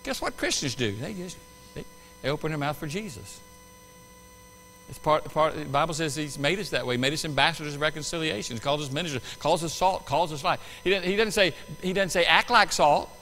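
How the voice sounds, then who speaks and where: A man pastor preaching a sermon with animated swings between loud bursts and quiet asides. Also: on the high side, a little fast, long reverb tail, faint music behind, rough recording. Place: church sanctuary.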